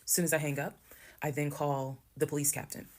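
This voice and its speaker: A woman's voice: sits low, level tone, a little fast, a little mellow. A woman telling a personal story in a casual, blunt, conversational way, cursing now and then. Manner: conversational, blunt, swears while retelling.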